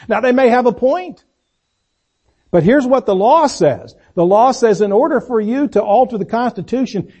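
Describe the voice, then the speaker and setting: A man preaching a sermon, swinging between loud slow emphasis and low quiet asides. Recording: dull lo-fi recording.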